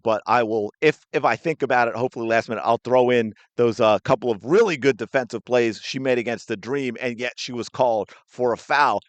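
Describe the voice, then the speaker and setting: A man's voice: medium pitch, no room sound. A man hosting a sports podcast, ranting with indignant, sarcastic commentary while reacting to a clip.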